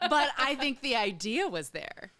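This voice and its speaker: Animated, playful woman chatting as guest. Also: high voice, unhurried. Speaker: podcast guest, comedy writer. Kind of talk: casual chat.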